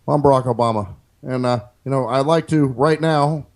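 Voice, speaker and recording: A man putting on a slow, measured impression of a male president, drawling with many ums and pauses. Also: mid-range voice, a little mellow, natural voice. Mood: mock solemn. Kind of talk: comic improvised impression.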